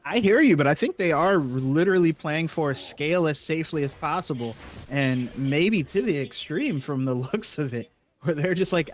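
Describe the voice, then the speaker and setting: Guy doing esports play-by-play, kinda higher voice, jokey, fixes his words a lot. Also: expressive, normal speed, a little hiss or hum. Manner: chatty, self-correcting, jokey. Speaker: esports caster. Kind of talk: play-by-play commentary.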